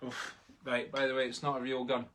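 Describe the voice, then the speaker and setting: A man leads a live drumming lesson from his home, chatting easily and chanting the sticking aloud. His voice sits in a middle register. Drumstick clicks and steady noise run behind him on a laptop recording. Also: medium pitch, a little fast. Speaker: drumming tutor. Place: home room. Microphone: laptop in front of him.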